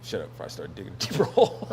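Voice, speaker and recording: A man's voice: fairly high pitch, a little mellow, slight background noise. Joking rambling male commentary host. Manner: rambling and joking, many fillers, laughs often. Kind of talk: casual news commentary.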